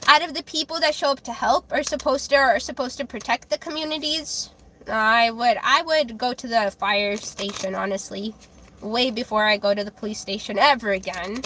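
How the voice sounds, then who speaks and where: Angry high-voiced woman ranting. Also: sharp tone, slight background noise. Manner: angry, heated ranting with swearing; halting restarts and repeated words. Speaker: livestreamer. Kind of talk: livestream rant to chat.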